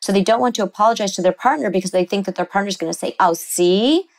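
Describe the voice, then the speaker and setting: A middle-aged woman therapist explaining things earnestly in an interview, lively when she quotes people. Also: medium pitch, rapid-fire, poor audio. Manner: earnest, explanatory, animated when quoting others. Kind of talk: interview conversation.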